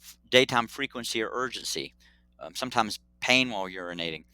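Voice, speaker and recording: A middle-aged man tells the story of his medical work in an easy, animated way, slipping into quick dialogue. His voice sits a bit low but sounds bright, and it is recorded close and dry. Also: clean tone, dry recording. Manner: animated, acts out dialogue, laughs often. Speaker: pediatric urologist guest. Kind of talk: casual storytelling interview.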